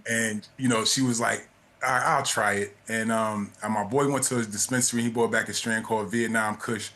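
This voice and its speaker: A man's voice: fairly low pitch, brisk. Laid-back man telling a story. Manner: relaxed storytelling, laughs at his own tale. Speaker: guest, former basketball player. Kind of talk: anecdotal storytelling. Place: studio.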